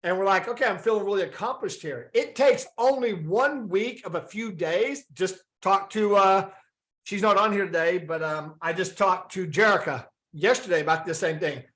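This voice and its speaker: High-voiced man coaching a group call. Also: normal speed, a bit bright. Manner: conversational, many rhetorical questions to the group; acts out quoted inner thoughts. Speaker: fitness and wellness coach.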